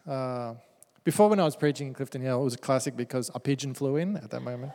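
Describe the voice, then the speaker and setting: A male pastor delivers a sermon in an animated, joking way, reading verses and then riffing on them. His voice sits in a middle pitch. The sound trails off in the long reverb of a church hall. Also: quick pace. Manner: animated and joking, reads verses aloud with playful asides.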